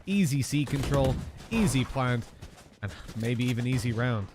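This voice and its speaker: A young man giving energetic play-by-play esports commentary that climbs on big plays. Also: mid-range voice, normal speed, noisy background. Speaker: esports caster.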